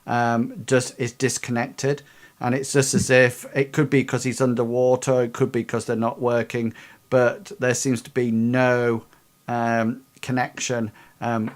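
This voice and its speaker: Halting male game master. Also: mid-range voice. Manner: halting, many ums, drawn-out narration. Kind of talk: narrating a tabletop game.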